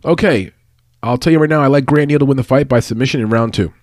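With a fast, mid-range, darkish-toned voice, this native English-speaking man offers fight picks and betting tips as an analyst and tipster. He's chatty, uses many fillers, and chuckles at his own remarks; the studio-quality recording has no room sound.

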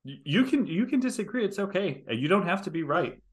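A man's voice: high-pitched, fast talker. Joking Wisconsin man chatting. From American Midwest. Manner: joking, animated, teasing. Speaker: podcast co-host. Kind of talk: casual chat.

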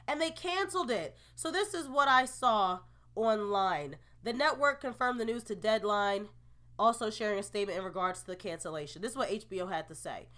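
A young woman hosting a casual solo podcast, opinionated and expressive, groaning in disgust and laughing in disbelief as she reacts to the news. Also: high voice. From New Jersey, USA. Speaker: podcast host.

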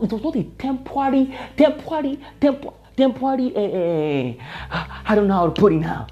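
A woman's voice: fairly high pitch, mellow. A woman preaching a sermon, emphatic and repetitive, often laughing as she talks.

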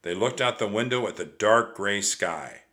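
A man narrating a children's book aloud in a slow, measured, expressive way. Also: fairly low pitch.

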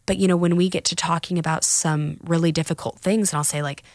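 A woman's voice: on the low side, fairly even intonation, fast, no room sound, studio quality. A woman talking candidly about recovery in a casual podcast chat, telling stories with quoted voices.

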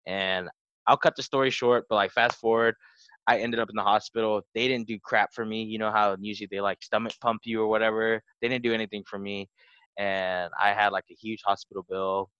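A man's voice: on the low side, fairly even intonation, brisk, fairly bright tone, clean tone, no room sound, muffled recording. A young man in his twenties, hosting a podcast and telling a long story casually, with "like" all through it. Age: 20s. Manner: rambling, full of "like" fillers. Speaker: podcast host.

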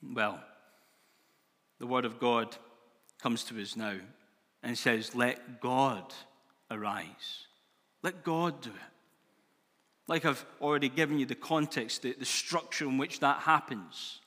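A man's voice: medium pitch, unhurried, long pauses, bright, forceful tone. A man preaching a sermon in a church hall, earnest and emphatic, building in intensity as he goes. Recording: long hall reverb.

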